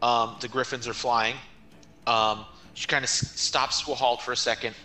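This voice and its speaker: A man narrating his character's actions in a tabletop game, halting with many restarts. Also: medium pitch, steady tone, pushed and bright. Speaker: player.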